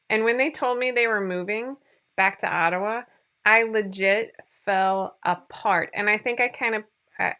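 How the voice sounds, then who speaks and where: A woman in her forties hosts a casual livestream chat from home, rambling, laughing often, and occasionally getting teary. Her mid-range voice is bright and forceful.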